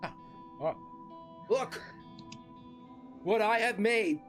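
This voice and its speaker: A man's voice: fairly high pitch, big pitch swings, normal speed, soft background music. A man playing a boastful wizard in a tabletop game, rambling and unsure of himself. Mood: smug. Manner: boastful, bumbling. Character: cocky male wizard.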